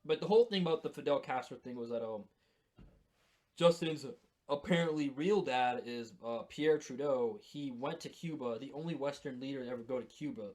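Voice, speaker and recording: A man's voice: mid-range voice, darkish tone. A man co-hosting a casual talk show, rambling and joking in slangy chat. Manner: rambling, jokey, slangy, acts out bits. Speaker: co-host.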